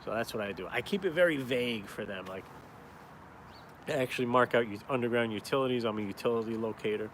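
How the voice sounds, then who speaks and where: A man's voice: medium pitch, quick pace, a little hiss or hum. A man from upstate New York who draws caricatures, rambling and swearing casually as he chats to viewers on a live stream from outside. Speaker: caricature artist and vlogger. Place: outdoors in town, cold.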